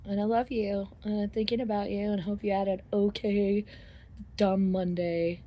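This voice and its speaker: A middle-aged woman talks straight to her viewers in a loose, rambling monologue. She laughs often and swears casually, and her voice sits at an ordinary pitch for a woman. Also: flat delivery, moderate pace, muffled recording. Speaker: vlogger.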